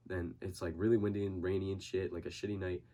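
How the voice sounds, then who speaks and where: A man's voice: sits low, little pitch movement, quick pace, mellow. A young man in casual podcast chat, telling a story full of swearing and acting out his friend's panic. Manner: swears constantly, acts out friends' panicked voices. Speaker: podcast guest, boxer.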